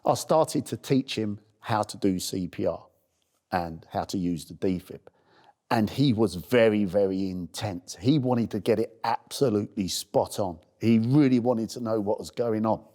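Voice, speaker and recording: A man's voice: fairly low pitch, measured pace, warm tone. A man earnestly telling a heartfelt personal story in a documentary. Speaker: first-aid campaigner.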